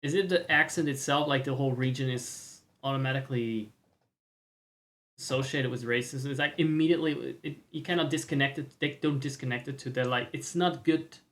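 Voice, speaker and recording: Male streamer, mid-pitched, opinionated live reaction rant, curses, mimics voices. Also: steady tone, brisk, a bit bright. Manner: opinionated, ranting, swears, mocks voices.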